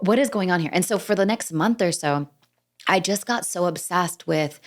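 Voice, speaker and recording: A young adult woman hosts her own podcast alone, talking in a low voice with a gravelly edge. She rambles in a loose, chatty way, scattering fillers and acting out bits of conversation as she goes. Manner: chatty, lots of "like" fillers, acts out dialogue. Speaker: podcast host. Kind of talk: casual solo storytelling.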